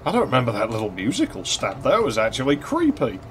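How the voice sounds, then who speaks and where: A laid-back, sweary gaming host. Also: male voice, mid-range voice, huge pitch swings, quick pace, a bit bright, slight background noise. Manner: chatty, laughing, swears freely. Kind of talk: casual gameplay commentary.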